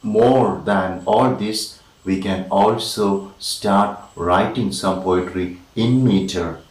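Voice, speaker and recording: A man gives a recorded lecture at an unhurried, careful pace, spelling terms out letter by letter and chanting stress patterns with lifting emphasis. His voice sits somewhat low. The sound is roomy and echoey, picked up from a little way off the mic. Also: distant mic. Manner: slow, deliberate, spells out words letter by letter. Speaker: teacher.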